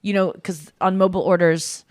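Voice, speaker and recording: A woman's voice: on the low side, flat delivery, brisk, no room sound, clean studio sound. Chatty woman hosting a podcast. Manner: chatty, self-mocking, rambling. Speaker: podcast host. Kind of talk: casual chat.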